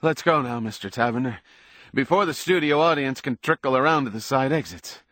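A man's voice: medium pitch, animated, fairly quick, fairly bright tone, no room sound, clean studio sound, voice pushed up, lightly acted. A man voicing a fat, brusque male police guard who wheezes. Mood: urgent.

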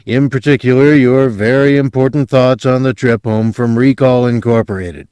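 A man voicing a calm, commanding police officer who speaks in a measured, authoritative way, in an audiobook reading. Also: medium pitch, smooth, no room sound, pitched above the performer's own voice, lightly acted. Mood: matter-of-fact.

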